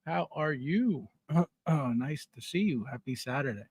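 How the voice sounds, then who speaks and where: A man's voice: a little high, animated, measured pace, a little mellow, slightly rough. A man hosting a casual livestream, reading viewer comments aloud, laughing often and repeating words for comic effect. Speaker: livestream host.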